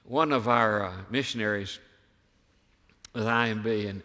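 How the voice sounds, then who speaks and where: In a church sanctuary, a male pastor with a lowish voice preaches emphatically, firing off rhetorical questions and moving between hushed and loud delivery. A long reverb tail follows his words.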